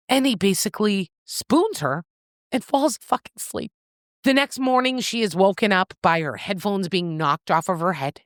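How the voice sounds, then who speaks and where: A woman co-hosting a casual podcast, recapping a novel with lively storytelling and freely swearing. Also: mid-range voice, normal speed, dry recording, clean studio sound. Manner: animated storytelling, acts out characters' lines in shifting voices, swears freely. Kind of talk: casual book recap chat.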